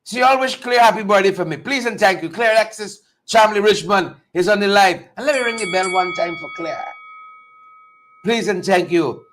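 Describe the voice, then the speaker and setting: A man hosting a live political talk show, talking straight to viewers in a mocking, animated way. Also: sits high, normal speed. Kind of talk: casual live-stream commentary.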